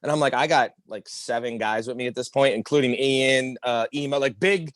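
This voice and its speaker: A man's voice: medium pitch, dry recording, studio quality. A man telling wild party stories in a casual, profane podcast chat, acting out the quotes as he goes. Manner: fast, profane, animated storytelling with acted-out quotes.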